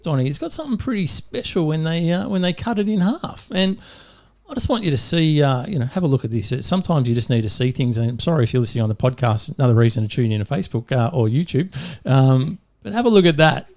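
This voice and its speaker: An Australian man hosts a podcast in a bright, slightly raised voice. He chats along in an upbeat way and laughs often. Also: a little high, expressive, fast. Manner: upbeat, chatty, laughs easily. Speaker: podcast host. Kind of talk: casual chat.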